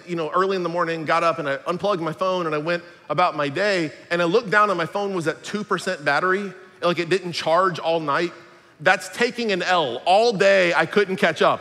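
High bright pastor in his 40s, joking around in a sermon, big hall echo. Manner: upbeat, jokey and conversational.

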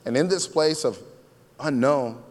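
A man's voice: medium pitch, measured pace. Casual preaching man in a reverberant hall. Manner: casual, conversational preaching with repeated phrases. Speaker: pastor. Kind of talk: sermon.

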